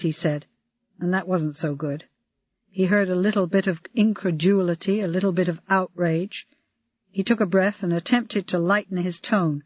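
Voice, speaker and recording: An audiobook narrator reading a crime novel in an even, measured way. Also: mid-range voice, no echo, dull audio. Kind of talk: scripted narration.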